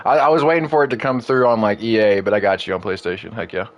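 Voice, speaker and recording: A man's voice: lowish voice, steady tone, fast talker. A man streaming a football video game, chatting casually with viewers and his opponent, full of fillers and loose asides. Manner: rambling, filler-heavy, friendly asides to viewers. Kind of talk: casual gaming stream chat. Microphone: desk mic in a home streaming room.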